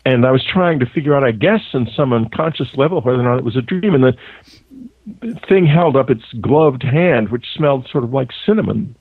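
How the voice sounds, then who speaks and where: A male author, a guest on a radio show, recounting events in a halting way, searching for words. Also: medium pitch, lively intonation, husky, no room sound. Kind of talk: phone interview, personal recollection. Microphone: telephone. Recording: tinny phone line.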